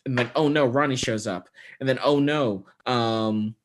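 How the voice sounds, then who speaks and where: A man co-hosting a movie podcast, summarizing the plot casually with sarcastic asides and quick quoted lines. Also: mid-range voice. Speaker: podcast co-host. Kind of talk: casual chat recapping a movie.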